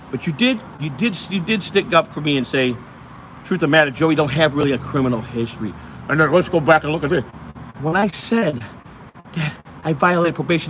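A man's voice: a little high, fairly bright tone, slight background noise. A man hosting a livestream, ranting angrily and profanely while walking outside on his phone. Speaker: host. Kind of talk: angry livestream rant. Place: outdoors, walking in hot sun.

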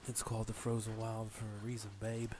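A man's voice: fairly low pitch, monotone, brisk, background noise. A man casually chatting and joking while playing a game with his partner, teasing her playfully. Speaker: co-host of a family let's play. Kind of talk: casual couple gaming chat.

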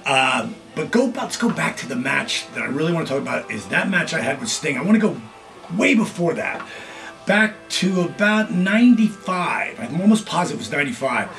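A middle-aged man hosting his own video blog, telling casual stories with lively acted-out quotes. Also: fairly high pitch, a little fast, gravelly, over music. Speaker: vlog host, former wrestler. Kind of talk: casual storytelling.

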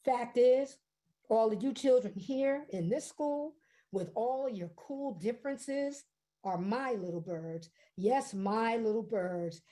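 A woman storyteller voicing a calm, kind male school principal, speaking gently, slowly and reassuringly. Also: a little high. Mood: gentle.

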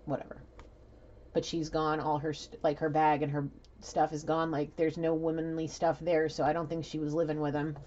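Low-voiced, chatty woman doing a reading. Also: normal speed, highs cut off, slight background noise. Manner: animated, chatty storytelling with fillers. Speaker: tarot reader. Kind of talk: casual spiritual reading.

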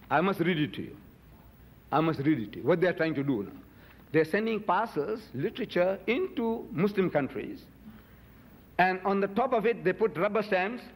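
An older man giving a public religious lecture, forceful and indignant, firing rhetorical questions at his audience. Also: a little high. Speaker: Islamic preacher. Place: lecture hall in the USA. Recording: lecture hall with long reverb.

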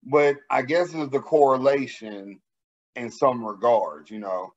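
A man co-hosting a podcast, telling stories in a profane, animated way during casual banter. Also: mid-range voice, a little slow, lo-fi sound. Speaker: podcast co-host.

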